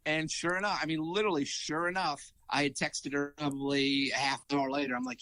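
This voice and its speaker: Animated man telling stories, dry sound. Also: a little high, a little fast, hardly any pauses, no echo. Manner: animated, acts out quoted dialogue, frequent fillers and restarts. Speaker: triathlete guest. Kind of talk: casual interview storytelling.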